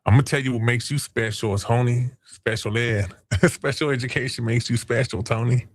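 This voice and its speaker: A man's voice: medium pitch, fairly even intonation, brisk, dry recording. A man hosting a casual livestream, taunting chat users in crude, profane slang. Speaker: stream host.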